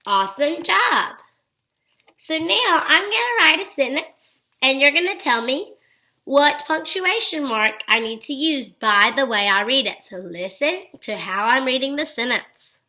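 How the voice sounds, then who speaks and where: In a high, slightly slow voice, a woman teaches phonics to young children. She's upbeat and full of encouraging praise, reading example sentences aloud with exaggerated expression.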